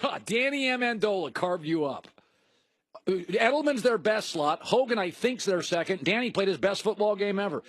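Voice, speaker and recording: In a heated sports debate, a male talk show host with a high, animated voice argues emphatically at normal speed, mocking the other side as he rattles off lists. There is no room sound.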